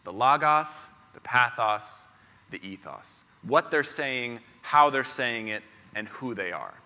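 A man's voice: medium pitch, animated, slow pace, bright, forceful tone, big-room sound. A man preaching a sermon as pastor, emphatic and repeating key phrases in lists.

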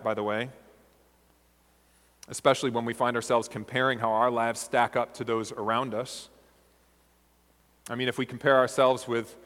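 A man preaching a sermon as a pastor, earnest and measured, asking his listeners rhetorical questions. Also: mid-range voice, a bit bright, in a large hall.

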